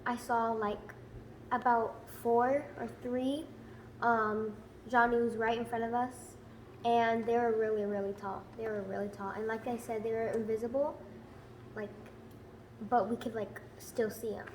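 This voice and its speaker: A woman giving a hesitant personal testimony, halting with many fillers as she recounts what happened. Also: fairly high pitch, little pitch movement. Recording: roomy echo with faint noise.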